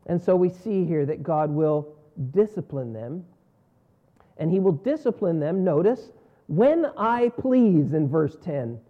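Man, sermon, high voice, earnest, dull muffled recording. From North America. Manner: earnest preaching, rising on emphasis and dropping low at phrase ends. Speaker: pastor. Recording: dull lo-fi sound.

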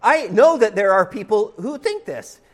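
A man's voice: high voice, big pitch swings, normal speed, fairly bright tone. A man preaching a sermon as pastor in a church, in an emphatic, conversational way with rising stresses. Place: church sanctuary.

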